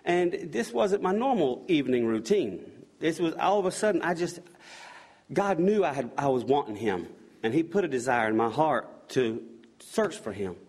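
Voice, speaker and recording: Husky-voiced man giving an earnest testimony. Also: fairly high pitch. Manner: earnest, halting, repeats and restarts words, drops to a soft hush. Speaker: speaker giving a personal testimony. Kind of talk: spoken faith testimony.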